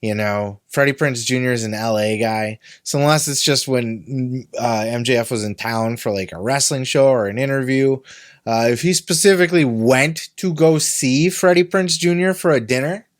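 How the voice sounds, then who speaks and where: A man hosts a podcast with blunt, foul-mouthed commentary. His voice sits at a middle pitch. The recording is dry and close. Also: moderate pace, dry recording. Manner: profane, blunt. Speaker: podcast host. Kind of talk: casual commentary.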